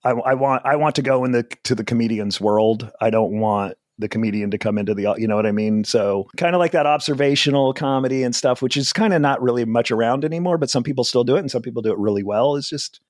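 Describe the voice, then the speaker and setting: A man's voice: mid-range voice, fairly even intonation, fast, hardly any pauses, no echo, studio quality. A man in his forties from New Jersey, a comedian chatting as an interview guest in a rambling, self-deprecating way and laughing often. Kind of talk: casual interview chat.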